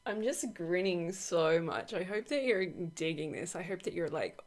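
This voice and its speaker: A woman's voice: lowish voice, big pitch swings, moderate pace, hardly any pauses. A woman author chatting casually through an unboxing walkthrough, rambling with many fillers and frequent laughs. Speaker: oracle deck author.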